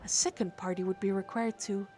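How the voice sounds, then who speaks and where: A woman voicing a calm, learned female scholar in a formal, measured, softer tone over faint game music. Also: mid-range voice, close to an everyday voice. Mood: thoughtful.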